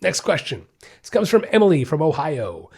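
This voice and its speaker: A man with a mellow, darker voice sitting a touch high for a man talks through dog training on his podcast. He is emphatic and repeats his key points, checking in with "you see what I'm saying?" He drops into quick little voices for what the dog is thinking. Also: big pitch swings, vocal fry, slightly rough. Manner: acts out the dog's thoughts in quoted asides. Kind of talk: casual explanatory podcast talk.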